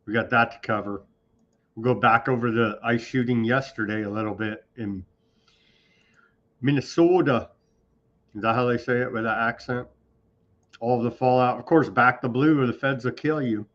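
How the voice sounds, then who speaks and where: A man hosts an online news show in a loose, off-the-cuff style, tossing in sarcastic asides. His medium-pitched voice is steady and fairly quick, and the lo-fi recording sounds slightly dull.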